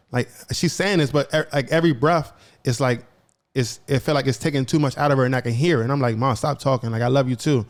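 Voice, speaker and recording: A young man tells his own story in loose, casual podcast talk, rattling along at a quick clip. He acts out both sides of each conversation as he goes. He often repeats and restarts phrases mid-sentence. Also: medium pitch. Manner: retells events by acting out both sides of conversations. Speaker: podcast co-host.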